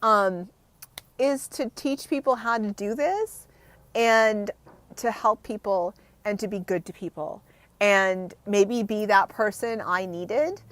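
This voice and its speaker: A woman's voice: mid-range voice, slow, a bit bright, dry recording. A woman in her thirties chatting frankly in an unedited vlog, rambling and close to tears, with some swearing. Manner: emotional, on the verge of tears. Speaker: vlogger. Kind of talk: unedited casual vlog chat.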